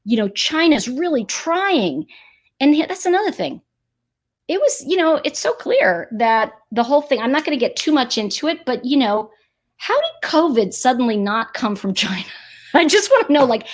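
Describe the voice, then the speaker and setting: A woman hosting a live stream, speaking casually and emphatically while reading viewer comments and giving spiritual, energy-focused advice. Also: fairly high pitch. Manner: animated and emphatic, acts out quoted voices.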